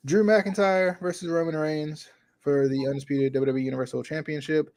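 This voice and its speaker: A man hosting a wrestling podcast in casual chat, rambling and correcting himself as he gets excited. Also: on the high side, moderate pace. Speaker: podcast host.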